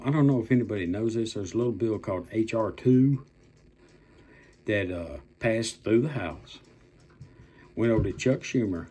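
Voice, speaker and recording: A gruff older man, a political commentator, delivers an angry political rant in a low-ish, mellow voice. He is blunt, profane and threatening, drawing out words for emphasis.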